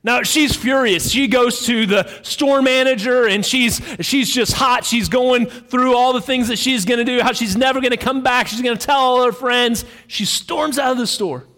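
Brief: male pastor, high voice, casual storytelling sermon, long hall reverb. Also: normal speed, hardly any pauses, bright, forceful tone. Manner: conversational storytelling with fillers.

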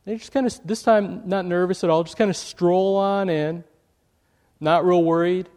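High-voiced man preaching in a reverberant hall. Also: normal speed. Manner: animated, acts out quoted voices. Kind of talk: sermon storytelling.

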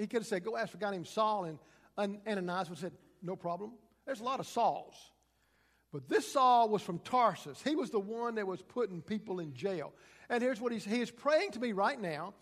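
A man preaching a sermon, reading scripture aloud dramatically and acting out the quotes. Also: sits high. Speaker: pastor. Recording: long hall reverb.

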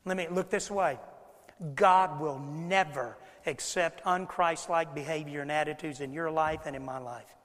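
A man preaching a sermon to his congregation, swinging between loud emphasis and quiet lines and acting out the people he quotes. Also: a little high, steady tone, measured pace, in a large hall. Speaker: pastor. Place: church sanctuary.

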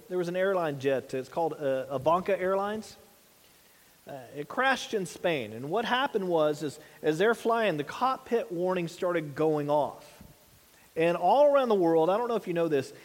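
A pastor delivering a sermon in a conversational way, tossing rhetorical questions to the congregation. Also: male voice, sits high. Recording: long hall reverb.

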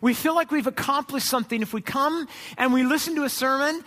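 A man's voice: very high voice, fairly quick, sharp tone. A middle-aged man preaching a conversational sermon as pastor, joking and acting out imagined voices. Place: church sanctuary. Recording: long hall reverb.

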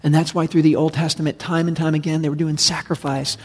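Gravelly pastor preaching in a reverberant hall. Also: male voice, on the high side, level tone, quick pace. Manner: conversational, emphatic preaching with repetition. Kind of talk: sermon. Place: church sanctuary.

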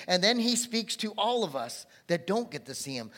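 A man preaches a sermon in a church hall, and his voice sits a little higher than most men's. He breaks into loud, animated bursts now and then, and a long reverb trails off every phrase. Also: moderate pace, few pauses. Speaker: pastor. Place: church sanctuary.

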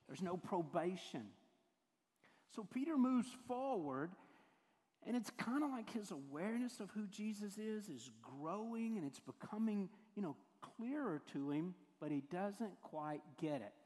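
A man's voice: sits high, animated, moderate pace, darkish tone. A male pastor, giving a conversational sermon full of acted-out quotes. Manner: conversational storytelling, acts out quoted voices. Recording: hall reverb.

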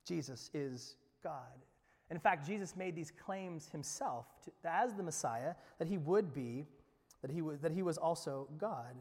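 A man with a high voice preaches a sermon from a church sanctuary, with a long reverb trailing every phrase. He swings from loud, emphatic declarations down to near-whispers and often repeats words as he builds a point. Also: animated, normal speed. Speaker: pastor.

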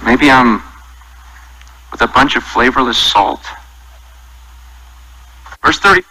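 A man preaching in an animated, storytelling way, retelling scripture in loose everyday words. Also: medium pitch, takes it slowly, husky, poor audio. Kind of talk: sermon clip.

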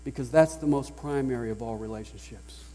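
A man with a Southern US accent preaching a sermon as pastor, emphatic, swinging between loud declarations and hushed lines. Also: medium pitch, fairly quick. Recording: long reverb of a large hall.

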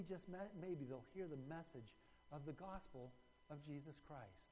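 A man preaching a sermon, telling a story with animated swings between loud emphasis and hushed moments. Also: a little high, long reverb tail, rough recording. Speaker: pastor.

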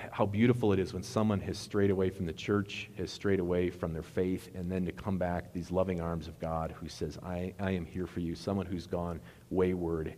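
A man preaching a sermon in a relaxed, conversational way, retelling movie scenes and correcting himself as he goes. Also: deep voice. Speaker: pastor. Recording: long reverb of a hall.

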